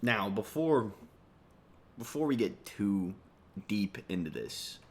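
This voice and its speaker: A man's voice: lowish voice, animated, slow pace. A young man giving rambling, sarcastic comedy commentary and swearing freely. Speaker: comedy YouTuber.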